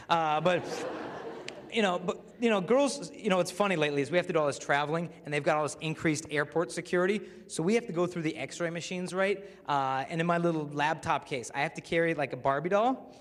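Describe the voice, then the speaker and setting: A man giving a public talk to a live audience, telling stories in a lively way and acting out the people he quotes. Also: on the high side, slight background noise. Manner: lively storyteller who acts out the people he quotes. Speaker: speaker. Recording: long reverb of a large hall.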